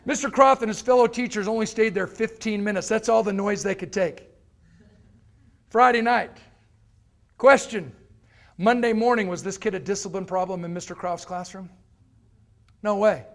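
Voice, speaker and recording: A man giving a motivational lecture to a live audience, telling an anecdote and acting out the people in it with lively changes of voice. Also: high voice, normal speed, pauses often. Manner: animated, acts out characters' voices. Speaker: motivational speaker. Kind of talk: storytelling keynote lecture.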